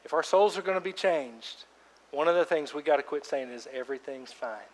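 A man preaching a sermon as pastor, emphatic, swinging between loud outbursts and hushed words. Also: a little high, a little fast. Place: church sanctuary. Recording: long reverb of a large church hall.

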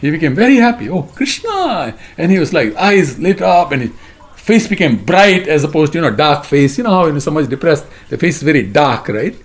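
Leading a devotional scripture class, this man speaks briskly in a slightly high voice with lively intonation. His retelling is conversational, peppered with "right?" and "you know what I mean?"

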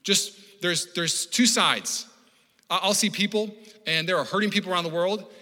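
A man preaching a sermon as pastor, animated and conversational, acting out the voices he quotes, with frequent restarts. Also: high-pitched, long reverb tail. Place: church auditorium.

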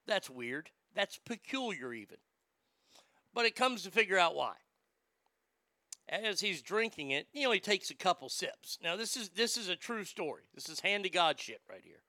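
Middle-aged guy cracking jokes on a talk show, high gravelly voice, dry close sound. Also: sing-song, moderate pace, bright, forceful tone, no room sound. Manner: wisecracking, profane storyteller. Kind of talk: casual talk radio banter.

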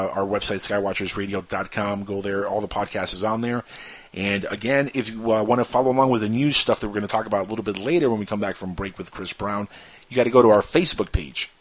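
A man's voice: lowish voice, a bit bright. A man hosting an online radio show, rambling and joking through casual banter with plenty of fillers. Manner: rambling, filler-heavy, jokey.

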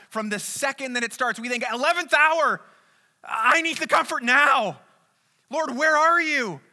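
A man preaching a sermon in an earnest way, rising to loud urgent peaks and dropping to soft, hushed stretches. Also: very high-pitched. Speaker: pastor.

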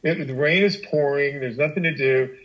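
A middle-aged man with a somewhat high voice tells a personal story on a podcast. He speaks in an animated, emphatic way, often restarting his sentences and swearing freely. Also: normal speed, muffled recording. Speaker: guest storyteller.

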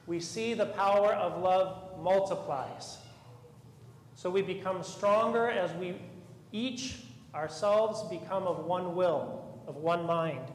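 A man, a priest, giving an earnest and emphatic sermon in a church. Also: sits high. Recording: echoey church with long reverb, faint room noise.

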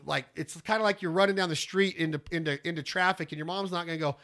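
A man, teaching duck calling in a rambling, folksy way, breaking into loud duck calls. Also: high voice, fast, few pauses. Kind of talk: casual instructional talk.

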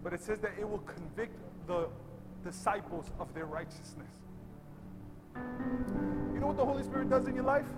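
A male pastor preaching a sermon to a congregation in a large church, moving between quick, quiet asides and loud, drawn-out shouting. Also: high voice, expressive, loud music behind the voice.

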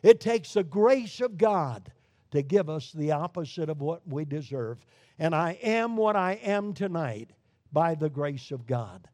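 A man from Brooklyn preaching a sermon, emphatic, with sudden swings between loud declarations and quiet, low lines. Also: expressive, a little slow, no room sound. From Brooklyn, New York. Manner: emphatic preaching with sharp rises and drops in volume.

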